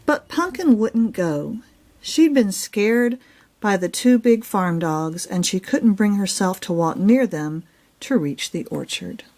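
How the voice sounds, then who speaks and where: Slow, expressive woman reading a storybook. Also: medium pitch. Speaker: children's author reading her own book. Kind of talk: children's storybook read-aloud.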